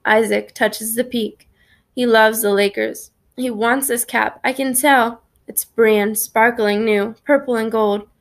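Woman narrator, first-person story, lively reading, vocal fry. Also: a little high, slow pace. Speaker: audiobook narrator.

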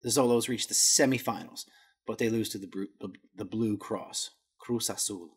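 A man's voice: fairly low pitch, moderate pace, breathy edge. A man hosting a podcast, casually reading through notes with jokey asides and stumbling over Spanish words. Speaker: podcast host.

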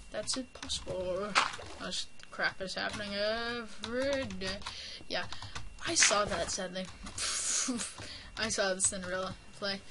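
A woman giving casual, playful let's-play commentary, rambling, joking at herself and giggling often. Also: medium pitch. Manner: playful, giggly, rambling with self-mocking jokes. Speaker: gameplay commentator. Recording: noisy home mic with keyboard clicks.

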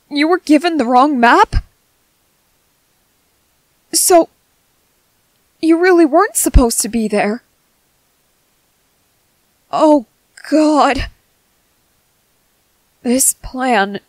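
Whispered role-play: a woman playing a nervous, gentle young soldier boy, slow and soft, a bit high. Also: no room sound, low-quality recording. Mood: worried. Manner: soft, fretful, over-apologetic. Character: anxious young male soldier, gentle medic.

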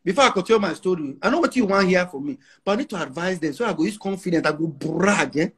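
In this interview, a Nigerian man in his forties, a musician, talks fast and boastfully, blending Nigerian English with Pidgin and repeating his points. His high, expressive voice is fairly bright with a breathy edge.

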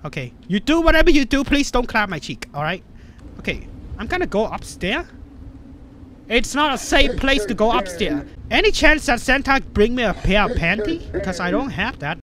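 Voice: mid-range voice, big pitch swings, moderate pace, crowd noise. A gamer giving frantic, panicky commentary on a horror game, swearing constantly. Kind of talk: let's play commentary.

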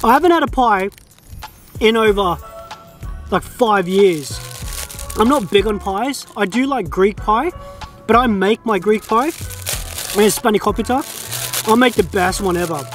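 A young Australian man with a noticeably high voice chats to camera outdoors. He is easygoing and talkative and lets out drawn-out "mm" sounds while tasting. Faint music plays underneath. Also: a bit bright. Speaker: food vlogger. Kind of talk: casual chat to camera. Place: quiet open field outdoors.

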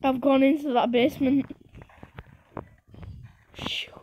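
A woman chatting casually with a friend while playing an online game for her video, excitable and giggly, with sudden shrieks. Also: sits high, slow, a little hiss or hum. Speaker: gaming video creator. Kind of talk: casual gameplay chat with a friend.

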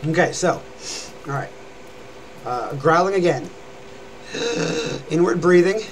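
A man's voice: fairly high pitch, expressive, moderate pace, slight background noise, poor audio. Rambling guy giving a casual scream lesson. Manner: rambling, chatty, demonstrates screams and growls. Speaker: streamer. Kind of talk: casual live-stream vocal lesson.

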